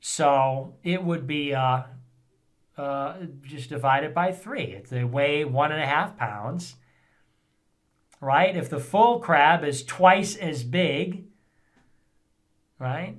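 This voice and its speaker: A man hosting a vlog in a casual commentary style, rambling, sarcastic and thinking out loud. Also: fairly high pitch, slow, pauses often. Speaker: vlog host reading viewer messages.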